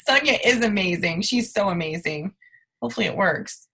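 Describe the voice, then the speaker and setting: A woman's voice: mid-range voice, sing-song, takes it slowly, long pauses, bright, forceful tone, husky. A young woman hosting a video call, giving a gushing, repetitive motivational pep talk to her team. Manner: gushing, repetitive, hyping up the audience. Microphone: computer mic on a video call.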